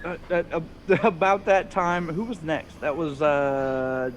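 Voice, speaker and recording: A man's voice: fairly high pitch, slow pace, slight background noise. A man narrating as game master of a tabletop game, loose and chuckling, full of fillers.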